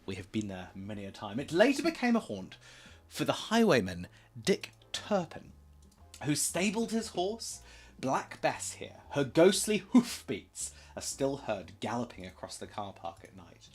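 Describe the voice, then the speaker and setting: A man's voice: medium pitch, huge pitch swings, measured pace, breathy edge. A man giving a casual, rambling slideshow presentation for a charity stream, full of jokey asides and self-corrections.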